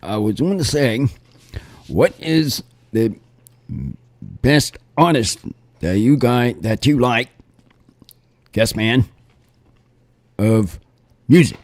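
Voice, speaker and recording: A man's voice: medium pitch, expressive, slow, long pauses, darkish tone, no room sound. A man hosting a casual talk show, rambling and repeating himself as he talks. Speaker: show host. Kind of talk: casual chat.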